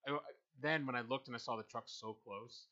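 Mężczyzna opowiadający swobodnie, jasny głos, lekko przytłumione nagranie. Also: male voice, medium pitch, steady tone, fairly quick, pushed and bright. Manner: rambling, self-mocking storyteller. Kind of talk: casual storytelling chat. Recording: slightly dull lo-fi sound.

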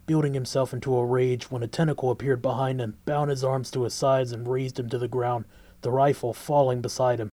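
A man narrating a fantasy story in a steady, even voice at a middle pitch. The recording is close and dry, with no room sound. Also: fairly quick, no room sound. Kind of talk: audiobook narration.

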